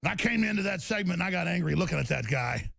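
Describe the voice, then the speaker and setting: A middle-aged male talk radio host in a furious, shouting on-air tirade. His voice sits high for a man and comes out gravelly with a rough, raspy edge. He talks in an agitated, fired-up way. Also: lively intonation, fast talker, no room sound. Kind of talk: angry on-air rant.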